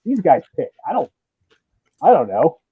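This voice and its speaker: A man of middle pitch talks casually and rambles, often stopping to hedge with "I don't know." His audio is tinny and phone-like, with a flat, dead-dry sound. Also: moderate pace, slightly rough, no echo. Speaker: podcast co-host. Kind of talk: casual sports chat.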